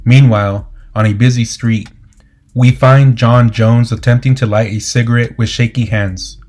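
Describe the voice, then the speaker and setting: A man narrating a comic book story recap in a steady, dramatic scripted delivery. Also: medium pitch, normal speed, slight background noise. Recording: faint music underneath.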